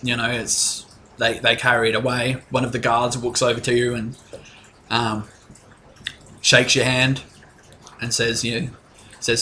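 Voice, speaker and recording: A man's voice: mid-range voice, monotone, a little slow, pauses often, sharp tone, slight background noise. A young man narrating as game master of a tabletop game, rambling and casual with many fillers.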